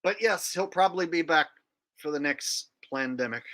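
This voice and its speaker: A man talking in a casual comedic monologue with a deadpan, mock-serious tone. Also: on the high side, normal speed. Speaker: comedian, impressionist.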